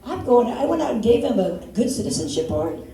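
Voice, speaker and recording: A woman's voice: a little high, very animated, fast talker, warm tone. An older woman performing a stand-up comedy set, telling stories and acting out voices and sound effects. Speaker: stand-up comic. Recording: echoey room, mic at a distance.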